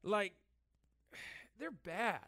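A male pastor preaching a sermon in a lively, conversational, joking manner, in a room with an audience. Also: sits high, extremely slow. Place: room with cameras and a listening crowd.

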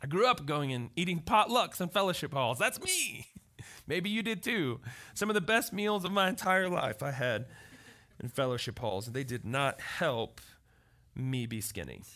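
A man preaching a conversational sermon as pastor, telling stories with animated delivery and often checking in with the crowd. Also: on the high side, normal speed. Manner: animated storytelling, often asks the crowd "right?".

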